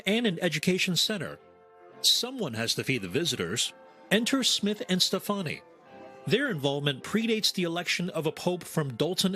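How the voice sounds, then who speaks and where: Guy doing a news package voiceover, upbeat, bright sharp voice, light music under it. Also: fairly high pitch. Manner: lively, upbeat storytelling delivery. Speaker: food reporter.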